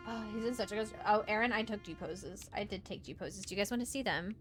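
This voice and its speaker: A woman streaming a video game, chatting casually, repeating herself and breaking into excited squeals. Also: mid-range voice, fast talker, hardly any pauses, music in the background. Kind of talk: casual gameplay livestream chat.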